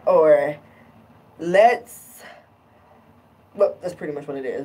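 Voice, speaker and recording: A woman's voice: sits low, expressive, slow pace, long pauses, dark tone, recorded from a distance, slight background noise, rough recording. A young woman vlogging a candid, exasperated rant about her relationship, quoting her partner in mocking voices. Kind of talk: candid personal rant to camera.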